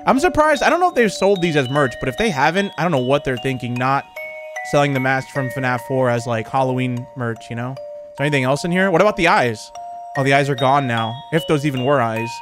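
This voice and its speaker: A man hosting a let's play video, reacting with lots of excited exclamations. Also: medium pitch, a little fast, music in the background. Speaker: gaming video host.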